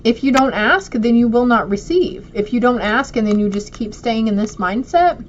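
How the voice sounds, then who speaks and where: A woman with a slightly high voice, lively intonation, and normal speed casually reads oracle cards, speaking lovingly and directly to viewers. Slight background noise runs through the dull lo-fi audio.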